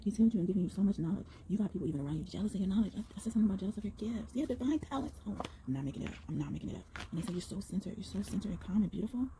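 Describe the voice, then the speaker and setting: A young woman giving a casual tarot reading to her viewers, excited and rambling, often breaking into exclamations and slang. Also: mid-range voice, very fast, few pauses, a little hiss or hum, low-quality recording. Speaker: tarot reader.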